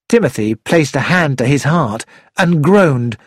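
A man narrating a novel chapter in a measured, expressive audiobook reading. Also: mid-range voice, slightly rough, dry recording, clean studio sound.

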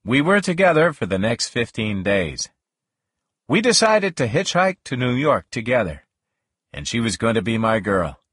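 A man reading a first-person novel aloud in a slow, measured, expressive way. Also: mid-range voice, slightly rough, no echo, studio quality. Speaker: audiobook narrator.

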